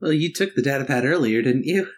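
Woman player, low pitch and animated, unsure delivery. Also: fast. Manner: tentative, stammering. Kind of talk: casual tabletop play.

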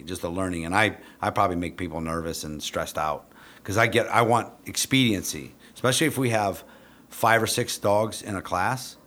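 A middle-aged man who trains police dogs, telling a story in a blunt, profane, casual way and jumping into animated quotes of himself. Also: low-pitched, normal speed.

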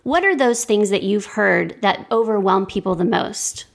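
A woman's voice: medium pitch, moderate pace, gravelly. A woman hosting a faith-based podcast, talking in a reflective and affirming way. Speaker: podcast host.

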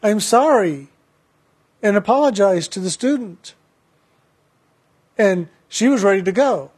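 A man giving a reflective spiritual talk and telling a personal story, speaking slowly and deliberately with pauses. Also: high-pitched, lively intonation, a little mellow, slightly rough. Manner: slow, measured, deliberate pauses.

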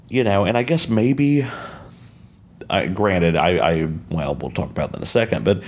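A man's voice: on the low side, sing-song, moderate pace, a little mellow, slight background noise. An American man hosting a podcast, talking casually on his own in a rambling way, with many fillers and restarts, on an outdoor balcony. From United States. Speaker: podcast host. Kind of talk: casual solo monologue.

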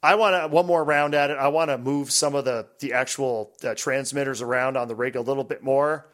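A man hosting a podcast in a relaxed, rambling, casual chat. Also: mid-range voice, a little fast. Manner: relaxed, rambling, drifts off mic at times. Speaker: podcast host.

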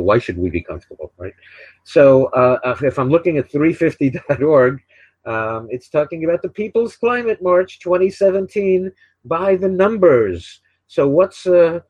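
An older man hosting his own radio show, talking in a rambling, opinionated way, often repeating words and filling pauses with uh and um. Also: on the high side, lively intonation, darkish tone, breathy edge, dry recording. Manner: opinionated, sarcastic. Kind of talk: casual solo talk radio monologue. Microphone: desk microphone beside a laptop. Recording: dull, slightly lo-fi dry recording.

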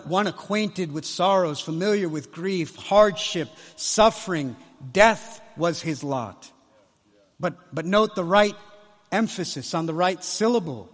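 A man preaching a conference sermon, impassioned, swinging between hushed lines and loud ones. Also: high-pitched. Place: large conference hall. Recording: long hall reverb.

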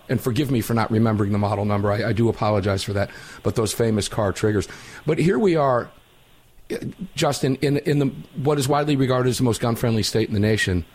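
A man hosting a talk radio show, brash and joking, tired after an overnight flight. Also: on the low side. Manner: brash, joking, repeats himself.

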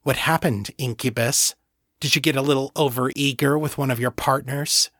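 A man's voice: mid-range voice, fairly even intonation, normal speed, fairly bright tone, no room sound, natural voice. Brief: stern woman interrogator read by a man, curt and sour, dry recording. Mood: cold. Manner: curt, acidic. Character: stern female agent, hostile interrogator.

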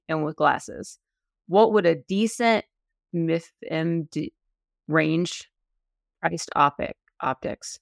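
A woman's voice: on the low side, dry recording, clean studio sound. A woman reading in a hillbilly drawl. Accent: put-on hillbilly. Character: rambling male listener, put-on hillbilly drawl. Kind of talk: reading a listener letter aloud.

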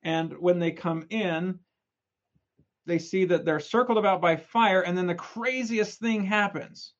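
A young man giving a casual, energetic scripture lesson, retelling stories in a chatty, playful way. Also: sits high, unhurried, dull audio. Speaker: scripture study presenter.

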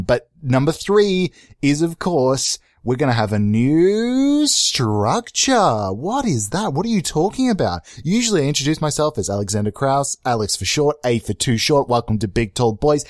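A young man hosting a solo comedy podcast, rambling and self-mocking with frequent restarts and sudden excited jumps in pitch. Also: no echo, clean studio sound. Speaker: podcast host.

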